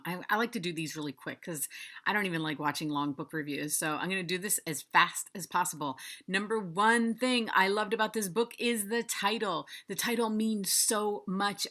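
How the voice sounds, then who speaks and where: A woman hosting a casual book review vlog, chatty and enthusiastic, talking straight to her viewers and gushing with quick repetition. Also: lowish voice, bright, forceful tone.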